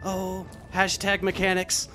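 A man streaming a game live, excitable and laughing often, swinging between loud shouts and low mutters. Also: unhurried, over music. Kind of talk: live gameplay commentary.

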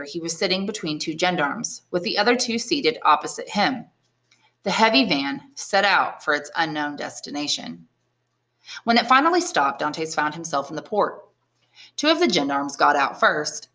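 A woman, an English teacher, reading a classic novel aloud in clear, measured narration. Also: fairly low pitch, fairly bright tone. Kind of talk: audiobook reading.

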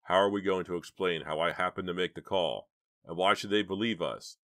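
A man's voice: deep voice, steady tone, brisk, fairly bright tone, dry recording, clean studio sound. A man voicing a stubborn teenage boy who talks firmly and insistently. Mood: determined. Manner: firm, insistent.

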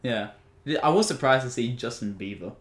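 A teenage boy co-hosting a casual podcast chat, animated and quick to joke. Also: medium pitch. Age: teens. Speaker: podcast co-host. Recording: echoey room with audible noise.

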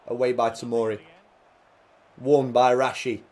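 A young man giving jokey live commentary on a football video game, dropping to quiet play-by-play and then bursting out loudly. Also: medium pitch, unhurried. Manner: jokey, swings between quiet play-by-play and loud excited outbursts. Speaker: gaming commentator.

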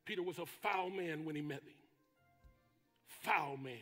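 Husky preaching man, high-pitched voice. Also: long reverb tail, faint music behind. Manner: preaching with dramatic pauses and shouted quotes. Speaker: pastor. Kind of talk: sermon. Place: church sanctuary.

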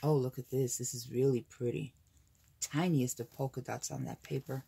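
A woman's voice: a bass voice, fairly even intonation, normal speed, creaky, mellow, husky. An older American woman hosting a casual crafting unboxing, gushing and gasping with delight over papers. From United States. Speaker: crafting channel host.

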